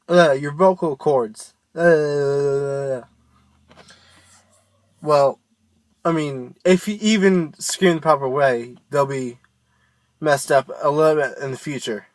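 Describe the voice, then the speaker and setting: Slow-talking young man giving scream lessons. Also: on the high side, expressive, no echo. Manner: rambling, self-mocking, loose and informal. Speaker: scream vocal tutor. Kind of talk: casual home tutorial.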